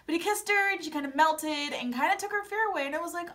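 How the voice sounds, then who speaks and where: A young woman with a high, fairly bright voice talks fast with few pauses, casually recapping a reality TV episode. She's a recap vlogger, chatty and dramatic, acting out her own reactions with dramatic asides and playful quoted lines.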